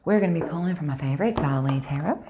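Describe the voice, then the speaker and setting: A woman's voice: low-pitched, fast talker, noisy background. A woman giving a spiritual tarot reading, talking earnestly and a bit preachily straight to her viewers. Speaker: tarot reader.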